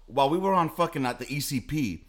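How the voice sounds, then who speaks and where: A fast-talking Los Angeles man with a voice on the high side and lively intonation co-hosts a podcast. He swaggers through crude, profane stories in casual chat, laughing as he goes.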